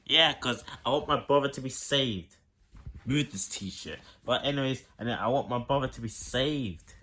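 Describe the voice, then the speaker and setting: A man's voice: mid-range voice, moderate pace, sharp tone, natural voice. A man voicing a fretful older brother who rambles about saving his little brother in a homemade plush-toy skit. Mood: worried. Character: worried protective older brother.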